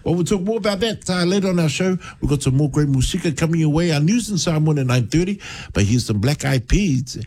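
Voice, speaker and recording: Husky New radio host. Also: male voice, fairly high pitch, lively intonation, fast talker, darkish tone. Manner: easygoing, talks in short runs with fillers. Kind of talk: casual on-air chat. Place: radio studio.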